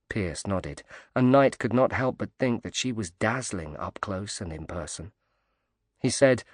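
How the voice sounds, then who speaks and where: A male audiobook narrator reading a thriller in a measured, subdued way. His voice sits low and is recorded dry and close. There is no room echo. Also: expressive. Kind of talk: scripted narration.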